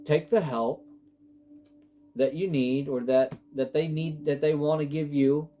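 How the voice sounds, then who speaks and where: A man's voice: a little high, little pitch movement, moderate pace, warm tone. Rambling man reading tarot, faint music. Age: adult with sons. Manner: emotional, rambling, self-interrupting. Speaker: tarot reader. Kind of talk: casual spiritual tarot reading.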